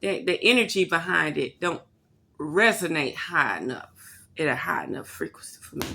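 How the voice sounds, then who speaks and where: A woman telling a story to her camera in a blunt, profane, animated rant. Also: low-pitched, normal speed, gravelly. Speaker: vlogger.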